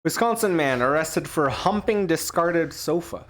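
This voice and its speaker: Animated podcast host reading headlines. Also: medium pitch, measured pace. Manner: playful, profane, acts out scenes in funny voices. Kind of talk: casual comedic chat, reading out headlines.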